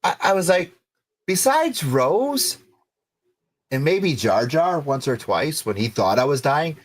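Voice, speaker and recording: Middle-aged guy hosting a podcast stream, all over the place pitch-wise, rambly and excited. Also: slow. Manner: excitable, rambling, lots of restarts. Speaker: podcast host. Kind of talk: casual live-stream chat.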